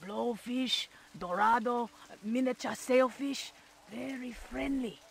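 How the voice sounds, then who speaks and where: An actor playing a pushy male street fish seller in a video game, speaking in broken sales-pitch English. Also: slow, creaky, fairly bright tone, heavily acted. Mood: coaxing.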